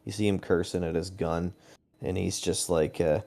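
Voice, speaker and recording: A man playing a tabletop game, describing his character's actions in a measured, detailed way. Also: low voice, steady tone, creaky, a little mellow. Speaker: player. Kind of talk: casual tabletop game narration.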